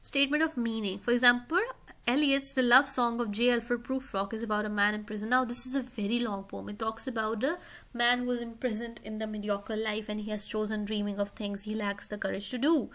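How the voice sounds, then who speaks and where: A fairly high-voiced woman teaching a recorded English lesson on how to analyze poetry. She explains each step in turn and keeps checking that her students follow along. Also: steady tone, brisk, fairly bright tone.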